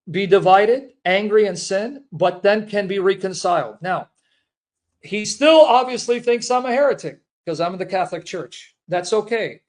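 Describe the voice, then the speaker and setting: A man speaking earnestly and emotionally to his viewers, a Christian apologist who repeats himself and calls them brethren. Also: sits high. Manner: earnest, repetitive, addresses listeners as brethren.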